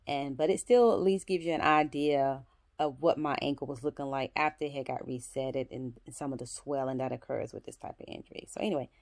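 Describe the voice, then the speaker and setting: A woman's voice: very deep voice, steady tone, a little fast, a little mellow, no room sound, studio quality. A woman vlogger explaining something in a hesitant way, with many fillers and restarts. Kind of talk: casual explanation to camera.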